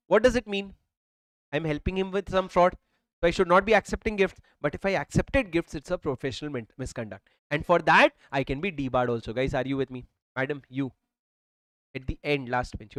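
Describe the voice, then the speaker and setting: A man's voice: sits high, a bit bright, no echo. A young man with an Indian English accent giving a classroom lecture, emphatic and repetitive, often calling students "sir". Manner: emphatic, repeats phrases, addresses students as sir. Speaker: teacher. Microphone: handheld or lapel mic.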